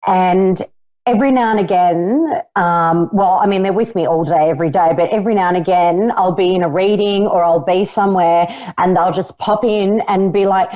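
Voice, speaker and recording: A woman's voice: medium pitch, moderate pace, warm tone, dull audio. A woman guest on a radio talk show, a psychic medium, chatting and laughing.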